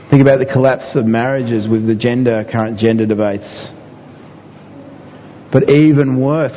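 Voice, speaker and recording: A man's voice: medium pitch, dull audio, slight background noise. Man preaching in a reverberant hall. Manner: pleading, dramatizes prayers in a raised voice. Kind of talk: sermon.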